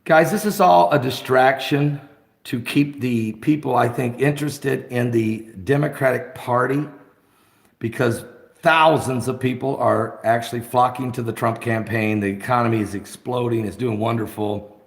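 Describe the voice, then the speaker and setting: A man hosting an off-the-cuff live broadcast from his phone, rambling and excitable, bursting into shouts. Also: mid-range voice, normal speed, gravelly, echoey room. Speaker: host of an online live broadcast.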